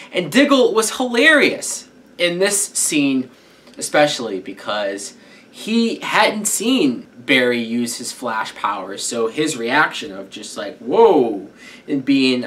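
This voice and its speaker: A young man talks through a TV episode in a loose, casual review. He jokes a lot and drops quick asides as he goes, sounding enthusiastic throughout. His voice sits at an ordinary middle pitch. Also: fairly bright tone.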